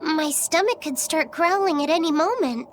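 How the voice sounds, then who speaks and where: An actress voicing a gentle, earnest young boy in a video game, speaking softly and politely. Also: sits high, expressive, moderate pace, a little hiss or hum. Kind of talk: game voice acting.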